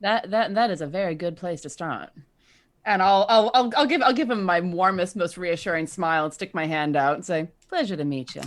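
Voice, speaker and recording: Deep-voiced woman at a tabletop game. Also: fairly quick. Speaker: player. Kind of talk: casual tabletop play.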